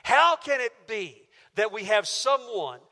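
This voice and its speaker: A man with a high, bright, ringing voice preaches a sermon in a church auditorium. He is emphatic and stacks up rhetorical questions. The sound carries a long reverb from the large hall. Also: animated, slow. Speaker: pastor.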